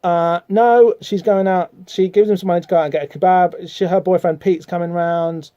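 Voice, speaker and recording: A man talks through a comic book in a loose, rambling way, full of fillers and asides. His voice sits a little high and sounds mellow and soft-edged. The recording is dull and dry, as if made at home on a modest mic. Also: steady tone, normal speed, hardly any pauses, no echo. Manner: rambling, chatty, many fillers, reads out dialogue in voices. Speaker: podcast host. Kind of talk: casual comic-book discussion.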